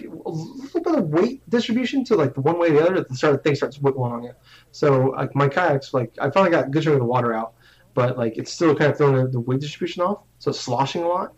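Rambling, profane young man telling a story. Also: fairly high pitch. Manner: rambling, profane, self-mocking, restarts often. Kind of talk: casual storytelling chat. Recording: slightly dull lo-fi audio.

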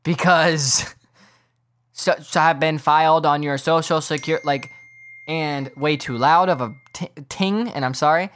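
A man's voice: on the high side, a little slow, fairly bright tone, slight background noise. A man hosting a casual sports podcast, ranting in a rambling, incredulous way. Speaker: podcast host.

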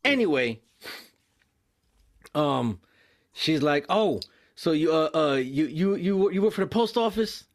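On a podcast, a young mail carrier shares a loose, profane and energetic workplace story, slipping into quick impressions of the people involved. His voice sits a little high and is expressive throughout this casual storytelling.

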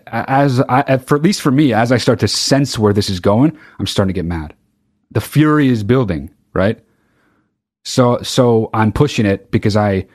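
On his solo podcast, a man with a low, somewhat mellow voice rants heatedly and swears, frequently starting his sentences over. He's recording in a very hot space.

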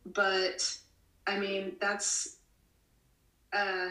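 A woman's voice: mid-range voice, monotone, very slow, pushed and bright. Chatty woman with fillers, in a roomy space. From United States. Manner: rambling, many "you know" fillers and restarts. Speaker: model, interview guest. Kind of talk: casual interview answers. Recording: roomy, from a distance.

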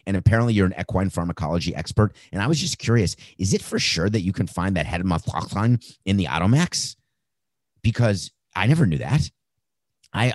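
A man's voice: on the low side, a little mellow, husky, no room sound. A man voicing a folksy male horse trainer who feigns innocence in a rambling mock phone call.

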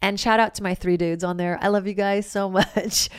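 A woman's voice: mid-range voice, moderate pace, clean tone, no room sound, studio quality. A woman in her thirties hosting a podcast, telling stories casually with lots of "like" and swearing. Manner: animated, profane, filler-heavy with lots of "like". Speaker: podcast host. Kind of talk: casual comedic storytelling.

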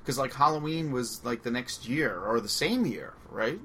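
A man with a Long Island accent, co-hosting a casual movie podcast, excitable and rambling, laughing often. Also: mid-range voice, normal speed, slight background noise. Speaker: podcast co-host.

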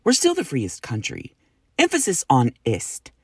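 A woman's voice: a bass voice, wildly swooping pitch, a little slow, husky, no room sound, clean studio sound. A woman hosting a podcast, reading listener messages in a blunt, casual way, swearing freely and sighing in exasperation. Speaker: podcast host.

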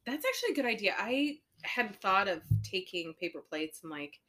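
A woman's voice: medium pitch, moderate pace. A woman in her thirties co-hosting a podcast, telling family stories in a casual, laughing way. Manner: lively, laughing storyteller. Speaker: podcast co-host. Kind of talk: casual chat.

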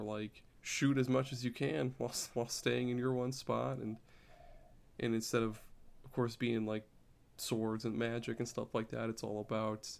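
A man's voice: mid-range voice, creaky, darkish tone. A man chatting casually on a podcast, rambling and repeating words as he explains. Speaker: podcast co-host.

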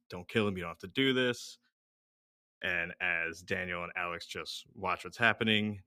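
Deep-voiced man recapping a plot. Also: bright, forceful tone, dry recording. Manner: rambling, hesitant with fillers. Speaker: podcast co-host.

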